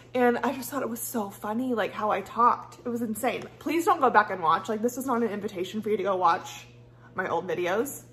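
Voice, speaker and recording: A woman's voice: a little high, a bit bright, slight background noise. A young woman from the US Midwest with a Valley girl accent, chatting casually and rambling while doing her makeup at home. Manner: chatty, rambling, heavy use of "like". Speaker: beauty vlogger. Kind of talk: casual get-ready-with-me chat.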